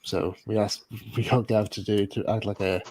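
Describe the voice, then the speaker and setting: A man's voice: lowish voice, fairly even intonation, moderate pace, darkish tone. Laughing man at the workbench. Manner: laughs often, rambling banter. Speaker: host of a live modelling stream. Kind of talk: casual chat.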